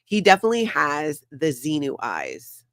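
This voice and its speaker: A woman's voice: sits low, wildly swooping pitch, moderate pace, no room sound, studio quality. A woman hosting a casual livestream, chatting and reading out viewer comments. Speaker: host.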